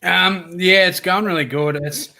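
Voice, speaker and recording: A man's voice: high voice, fairly even intonation, normal speed, creaky, pushed and bright. An Australian man co-hosting a live stream, joking and laughing a lot in casual chat. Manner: jokey, laughs often, swears casually. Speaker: co-host of a live reselling show.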